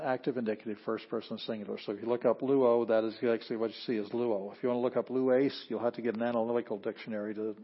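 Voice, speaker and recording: A man teaching a Greek grammar class, explaining plainly and leading students through a slow read-aloud. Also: medium pitch, slightly rough. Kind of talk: classroom lecture. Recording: dull lo-fi classroom recording.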